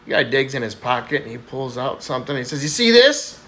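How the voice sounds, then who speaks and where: A man's voice: mid-range voice, level tone, fast, sharp tone. A man telling a string of jokes, voicing the characters and laughing at his own punchlines. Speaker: joke teller.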